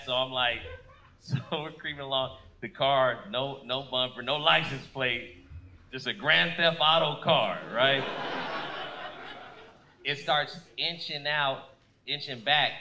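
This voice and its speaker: A man doing a stand-up comedy set on a club stage, loud and animated, shouting his punchlines into a handheld mic. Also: mid-range voice.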